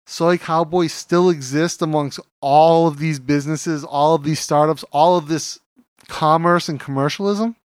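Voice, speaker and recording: Chatting casually on a podcast, a co-host tells stories with plenty of fillers in a voice that's a little high. The sound is dry and clean, studio grade.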